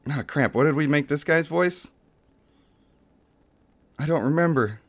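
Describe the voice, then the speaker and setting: Slow-talking male game streamer. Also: a little high. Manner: joking, laughs at himself. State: voice a bit worn, cutting out. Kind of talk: casual live-stream chat.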